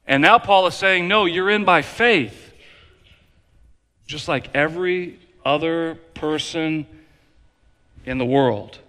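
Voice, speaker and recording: A man preaching a sermon as pastor, emphatic and repetitive, swinging between loud declarations and quiet low passages. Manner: emphatic preaching with repeated phrases, varying loud and soft. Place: church sanctuary. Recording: long hall reverb.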